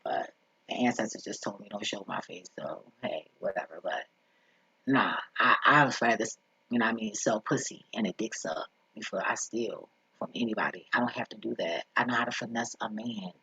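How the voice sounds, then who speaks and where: A man's voice: fairly low pitch, normal speed, pushed and bright, breathy edge, no room sound. A man telling a story in a casual vlog, blunt and profane, rambling with lots of asides. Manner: rambling, profane and blunt, with frequent "you feel me". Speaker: vlogger. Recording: dull lo-fi recording.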